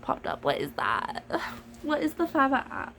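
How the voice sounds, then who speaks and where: A woman's voice: high-pitched, wildly swooping pitch, measured pace, creaky, a bit bright, a little hiss or hum, low-quality recording. Chatty, jokey woman vlogger. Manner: chatty, jokey, playfully dramatic. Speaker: vlogger reviewing a storybook device. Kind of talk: casual chat to camera.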